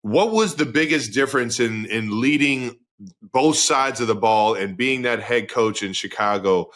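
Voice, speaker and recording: A man's voice: medium pitch, measured pace, fairly bright tone. A man in his thirties co-hosting a podcast. He tells stories and asks questions in a loose, rambling way. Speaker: podcast co-host. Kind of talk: casual podcast chat.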